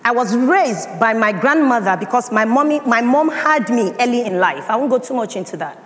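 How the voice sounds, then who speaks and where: Woman, Nigerian accent, motivational speaker, lively pitch, echoey hall with long reverb, faint ambience. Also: moderate pace, slight background noise. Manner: storytelling with dramatic emphasis. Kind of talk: motivational talk.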